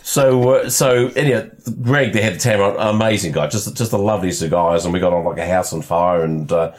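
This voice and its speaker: A man's voice: deep voice, fairly quick. A man hosting a podcast, telling a story in a casual, rambling way, often repeating words as he restarts and laughing along.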